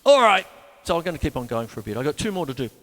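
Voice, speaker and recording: Australian man, drum teacher, chatty and lively, pitch sits a bit high, long room reverb. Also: rapid-fire. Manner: animated, chatty, breaks into counting and scat sounds. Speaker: drum teacher and show host. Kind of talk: casual music lesson, counting beats aloud. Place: home room with a couch.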